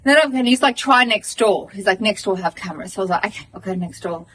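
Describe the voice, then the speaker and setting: A woman's voice: mid-range voice, quick pace, far from the mic, slight background noise, poor audio. An Australian woman in her thirties, a podcast co-host, telling a long story in casual chat, swearing and acting out what people said. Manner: animated, swearing, acts out dialogue.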